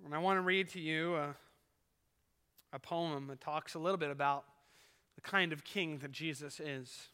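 A male pastor preaching a sermon at a live church service, building to loud emphasis and reading a poem with dramatic force. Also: on the high side, moderate pace, pauses often, clean tone. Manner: preaches with rising emphasis, reads poetry dramatically. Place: church sanctuary. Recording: live church service with long hall reverb.

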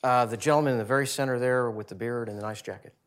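A man's voice: medium pitch, fairly even intonation, fast, clear, resonant tone. A man moderating a panel, calling on the audience and asking clarifying questions.

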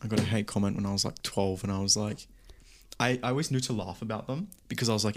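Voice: mid-range voice, fast talker. Chatty young podcast host. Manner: chatty, casual slang, many "like" fillers. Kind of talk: casual chat.

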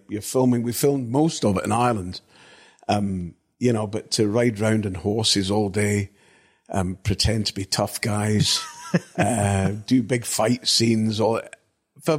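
An older British man with a husky, somewhat low voice appears as an actor guest, telling anecdotes from his film work. His storytelling rambles, and he keeps coming back to "you know" to hold the thread.

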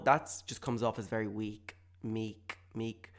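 A young man talks through a casual, comic podcast monologue, breaking into loud, exaggerated quoted voices. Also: fairly low pitch, moderate pace. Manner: animated storytelling with sudden loud mock-quotes. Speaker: podcast host.

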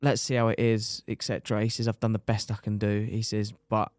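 A young man with a twang tells a racing crash story in a smooth, clear voice. He talks in a lively, casual way, swears freely and keeps calling the listener "mate". The sound is dry and close, with no room echo. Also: on the low side, brisk. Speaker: podcast guest, motorcycle racer.

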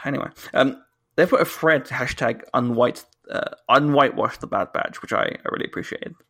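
A man co-hosting a podcast in casual chat, animated and ranting quickly with bursts of laughter. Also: mid-range voice, slightly rough. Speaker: podcast co-host.

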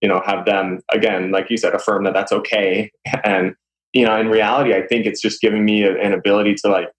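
A young adult man, a guest in a relaxed interview, with a low-pitched voice. He speaks sincerely and at ease, with a soft chuckle now and then. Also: fairly quick, rough recording. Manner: sincere, easygoing, light chuckles. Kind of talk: casual interview chat.

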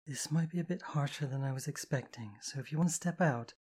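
An audiobook narrator voicing a shy, earnest young woman who speaks softly and hesitantly. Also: mid-range voice, a little fast, slightly rough, close to an everyday voice. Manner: soft, hesitant, pleading. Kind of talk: audiobook character voice.

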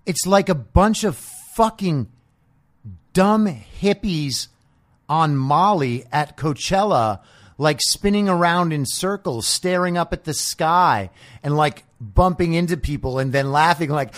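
A man's voice: a little high, expressive, a little slow. A man hosting a political podcast, delivering a combative, profane monologue full of sarcastic rhetorical questions. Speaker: podcast host.

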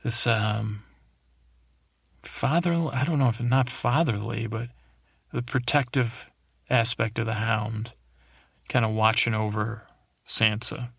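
A man's voice: on the low side, fairly even intonation, slow pace, vocal fry, long pauses, a bit bright, slightly rough, dry recording, clean studio sound. A man hosting a sleep podcast, rambling and meandering through an episode recap with drowsy, self-deprecating asides. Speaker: podcast host.

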